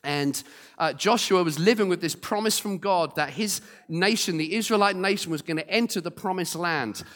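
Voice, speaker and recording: A man preaching a sermon, telling stories lively and speaking straight to the congregation. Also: high voice, normal speed, long reverb tail. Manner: lively storyteller, acting out quotes, direct to congregation. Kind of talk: storytelling sermon.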